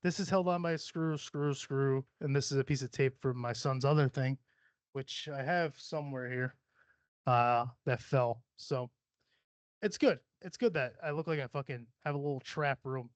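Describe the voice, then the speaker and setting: A man's voice: mid-range voice, moderate pace, no echo. A young adult man hosting a casual solo podcast from a cluttered home room, blunt, profane and rambling as he jokes. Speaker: podcast host.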